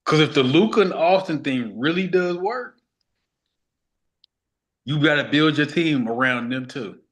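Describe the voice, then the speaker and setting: A man's voice: a little high, measured pace. A man co-hosting a casual basketball talk show, loose and conversational, repeating his points for emphasis. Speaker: podcast co-host.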